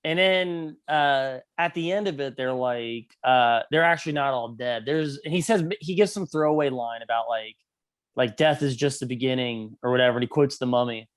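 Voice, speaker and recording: A man's voice: mid-range voice, moderate pace, clean tone, dry recording. A man co-hosting a casual film review podcast, rambling with joking asides. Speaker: podcast co-host.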